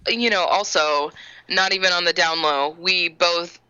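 Bright-voiced woman, losing her voice. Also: lowish voice, a little slow, clean tone, dry recording, lo-fi sound. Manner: chatty, lots of fillers. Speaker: podcast co-host. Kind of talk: casual chat.

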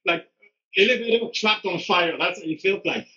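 A strength coach's high voice comes across pushed and bright at a moderate pace as he talks bluntly and animatedly on a casual live stream. He acts out quotes as he goes, and the stream's audio is dull and lo-fi.

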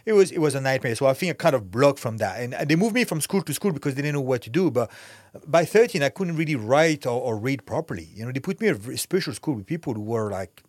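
A man's voice: mid-range voice, fast, no room sound, studio quality. A middle-aged man from France with a French accent, talking candidly and bluntly as a podcast guest, swearing freely. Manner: blunt, profane, animated storytelling. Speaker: guest, actor and fighter. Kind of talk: candid podcast interview talk.

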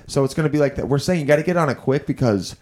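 A man co-hosting a podcast who rambles through his points with lots of restarts. He swears freely and laughs often. His voice sits at an ordinary middle pitch. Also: lively intonation, very fast, darkish tone, slight background noise. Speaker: podcast co-host. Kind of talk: casual podcast chat.

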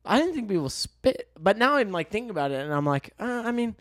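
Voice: mid-range voice, very animated, quick pace, a bit bright, dry recording, studio quality. A podcast host in casual chat, rambling through many fillers and swearing freely.

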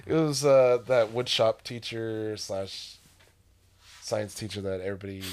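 A man's voice: fairly low pitch, unhurried, a little mellow, clear, resonant tone. A young man co-hosting a podcast, telling school stories in casual chat and laughing often as he talks. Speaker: podcast co-host.

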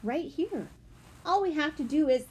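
A woman voicing a polite, calm older boy. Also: sits high, unhurried, slight background noise, pitched above the performer's own voice.

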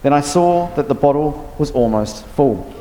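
A man, an author reading a passage from his novel in a measured way and answering questions. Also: on the high side, expressive, warm tone. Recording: reverberant room.

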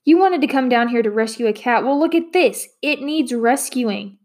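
A woman's voice: fairly high pitch, big pitch swings, takes it slowly, dark tone, slightly rough, full character voice. A woman voicing a frustrated, earnest boy. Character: troubled boy, intense and frustrated.

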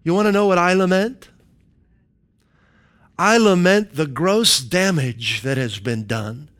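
A man preaches with a smooth, clear voice that sits a little higher than most. He takes his time, driving each point home with repetition and quoted verses. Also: a bit bright. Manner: emphatic preaching with repeated phrases and scripture quotes. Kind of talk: sermon.

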